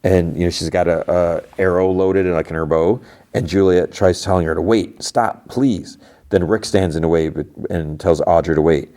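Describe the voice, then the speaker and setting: Podcast guy rambling thru a recap, deep mellow voice. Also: steady tone, a little fast. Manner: loose and rambling, lots of "like" and restarts. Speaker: podcast host. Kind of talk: casual episode recap.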